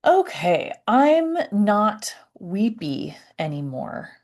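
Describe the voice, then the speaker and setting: A woman talking to camera about her personal healing, halting and searching for words with many fillers and restarts. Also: medium pitch, very animated, darkish tone. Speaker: vlogger. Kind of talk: reflective personal talk to camera.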